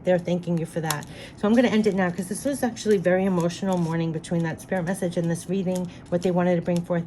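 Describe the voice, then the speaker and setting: A woman's voice: fairly low pitch, mellow, a little hiss or hum. A woman giving an intuitive spirit card reading straight to the viewer, earnest and heartfelt, repeating her phrases again and again.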